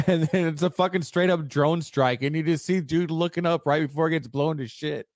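Crude joking man, slightly high voice. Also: brisk, darkish tone, dry recording, clean studio sound. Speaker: podcast host. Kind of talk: casual chat.

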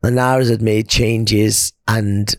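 On a laid-back podcast, a retired boxer spins stories slowly with a flat delivery, imitating quoted friends by shifting into a higher voice full of laughter. The sound is dry and of studio quality.

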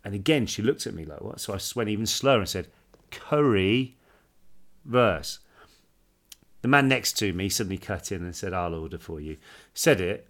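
A man chatting casually on a podcast, his voice a little lower than most. He reads listener letters aloud and tells stories with a lively, rising and falling delivery. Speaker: podcast co-host.

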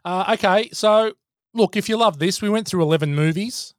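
A man's voice: high-pitched, normal speed, no echo, studio quality. A man hosting a casual movie podcast, enthusiastic and steering the segments. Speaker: podcast host.

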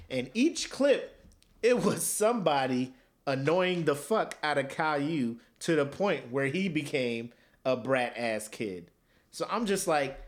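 A man co-hosting a podcast, telling stories in a casual comedic chat and slipping into silly voices. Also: on the high side. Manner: animated storytelling, slips into silly voices. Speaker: podcast co-host.

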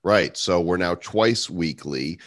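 A man's voice: low-pitched, slow pace, dry recording, studio quality. A man hosting a podcast, joking casually and leading the conversation. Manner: joking, relaxed, leads the conversation. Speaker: podcast host.

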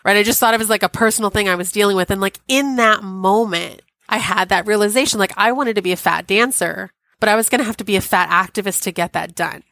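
A woman in her forties, a podcast guest, telling a personal story in a chatty, wry and animated way with many asides. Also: mid-range voice, fast talker, few pauses, dry recording. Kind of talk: storytelling in an interview.

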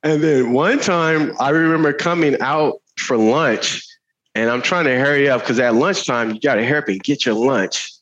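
A man talking candidly about his life as a guest, animated, laughing often, with lots of fillers and restarts. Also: mid-range voice, moderate pace, highs cut off. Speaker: guest speaker. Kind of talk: candid conversational storytelling.

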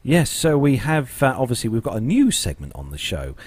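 A man's voice: medium pitch, wildly swooping pitch, a little fast, darkish tone, breathy edge, no echo. This man co-hosts a podcast in easy, casual chat. His voice swings up and down with enthusiasm, and he laughs easily as he talks. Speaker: podcast co-host.

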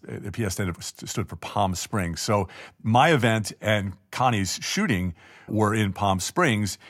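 Chatty self-deprecating man telling a story. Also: on the low side. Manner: chatty, self-deprecating, frequent restarts and laughs. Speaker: guest telling a personal story. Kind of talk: casual storytelling interview.

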